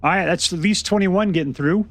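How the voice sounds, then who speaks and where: Faint music sits behind this man's high-pitched, slightly bright voice as he briskly talks himself through a card game. His commentary is chatty and full of jokes.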